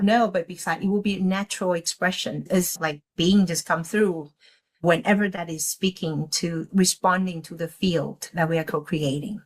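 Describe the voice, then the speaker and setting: A woman, a guest channeler, giving spiritual talk slowly and haltingly, speaking as a collective "we". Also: lowish voice, low-quality recording.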